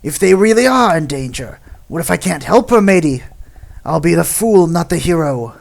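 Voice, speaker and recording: A woman's voice: on the low side, animated, moderate pace, vocal fry, a little mellow. A woman voicing an earnest, lovestruck male pirate sailor in a video game, with old-timey sailor speech. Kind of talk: reading game dialogue aloud.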